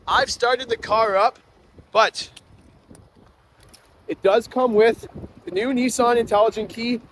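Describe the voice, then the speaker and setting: A man's voice: very high-pitched, steady tone, slow, a bit bright, slight background noise. A man hosting a casual walkaround car review, upbeat and chatty as he points out features, first outdoors and then inside the car. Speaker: car reviewer, channel host.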